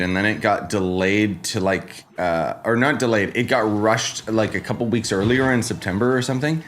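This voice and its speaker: A man's voice: lowish voice, fairly bright tone. A man streaming a game live, chatting casually and rambling while greeting viewers by name, his voice congested from just waking up. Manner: laid-back, rambling, greets chat by name. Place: home streaming setup with green screen.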